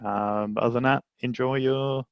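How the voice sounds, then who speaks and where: A man with a gravelly, even voice closes an online session and gives casual announcements. He speaks with little rise and fall. The sound is dry and muffled. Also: medium pitch, moderate pace, dry recording. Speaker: session co-host.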